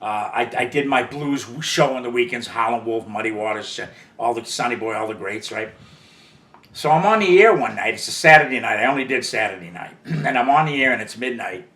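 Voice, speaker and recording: Older male interview guest, veteran storyteller, rambling and salty, bright tone, echoey room. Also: mid-range voice, lively intonation, fairly quick. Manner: rambling, profane, full of "you know" asides. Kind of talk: casual storytelling.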